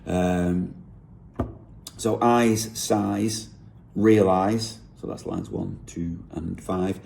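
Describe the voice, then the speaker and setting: A man with a low, gravelly voice talks through the lyrics he wrote. His tone is dark and mellow, and he thinks aloud, often pausing to correct himself as he breaks down rhyme and rhythm. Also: steady tone. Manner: thinking aloud, unhurried, with frequent self-corrections. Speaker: songwriter. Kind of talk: explaining how he wrote a song lyric.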